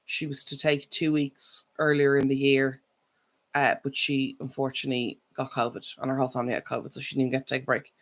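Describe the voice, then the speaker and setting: A woman's voice: rumbling low, level tone, fast talker. Chatty woman on a live stream. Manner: rambling, self-correcting, chatty. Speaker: vlogger. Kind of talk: casual live-stream chat.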